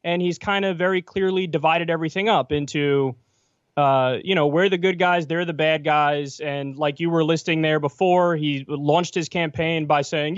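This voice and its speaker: A man's voice: fairly high pitch, fairly even intonation, normal speed, no room sound, highs cut off. A man giving blunt, sardonic political commentary on election night, joining the show remotely. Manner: blunt, sardonic, quotes politicians in mock voices.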